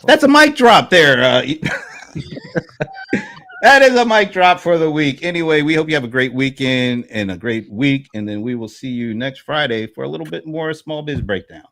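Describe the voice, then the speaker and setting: A middle-aged man hosting a casual panel show, talking in a relaxed, rambling way with restarts and laughs. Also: fairly high pitch, a little fast, few pauses. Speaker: host.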